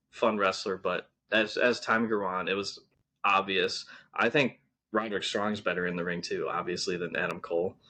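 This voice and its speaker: A man's voice: on the low side, fairly bright tone. A man co-hosting a podcast, casually reviewing wrestling shows with lots of ums and restarts. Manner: rambling, frequent ums and restarts. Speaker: podcast co-host.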